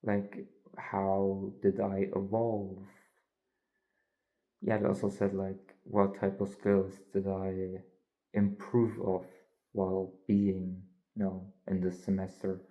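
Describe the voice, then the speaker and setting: A man's voice: deep voice, completely flat delivery, takes it slowly, mellow, low-quality recording. A young man, a college student, talking candidly in a rambling, filler-heavy way with some yawning. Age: young adult. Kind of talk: casual vlog monologue.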